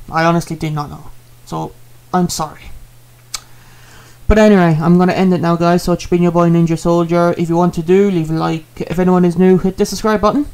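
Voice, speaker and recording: A man's voice: high-pitched, darkish tone, smooth. A man, a streamer talking casually and earnestly, rambling and repeating himself with many fillers as he apologizes to a viewer.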